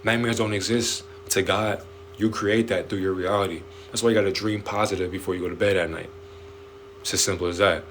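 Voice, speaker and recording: A man hosting a late-night livestream, preaching in an animated way with slangy street talk and swearing. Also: low-pitched, brisk, a little hiss or hum. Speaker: livestream host answering viewer questions. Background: faint music playing in the background.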